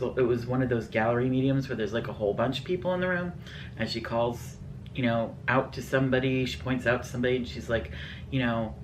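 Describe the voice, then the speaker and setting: A man's voice: mid-range voice, noisy background. A man telling ghost stories in a casual storytime vlog, scatterbrained and rambling with lots of fillers. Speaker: vlogger.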